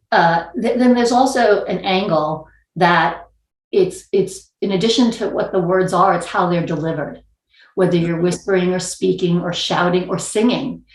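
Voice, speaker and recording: A woman's voice: fairly low pitch, a little slow, reverberant. New York woman musing on a panel. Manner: thoughtful, wordy, many restarts. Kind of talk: panel discussion.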